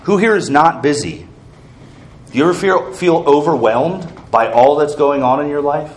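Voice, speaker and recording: A man's voice: a little high, animated, moderate pace. A man preaching an earnest sermon as pastor, asking the congregation questions.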